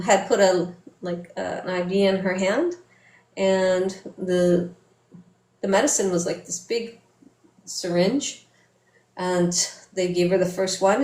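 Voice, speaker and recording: A middle-aged woman telling a personal story in a vlog, speaking softly and haltingly, with many fillers and restarts. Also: medium pitch. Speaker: vlogger. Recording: echoey room.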